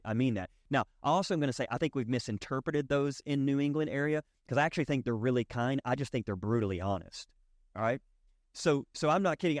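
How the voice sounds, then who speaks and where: A pastor from East Tennessee with a Southern accent, preaching in a conversational, animated storytelling way. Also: male voice, medium pitch, dry recording, clean studio sound. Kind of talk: sermon. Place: church.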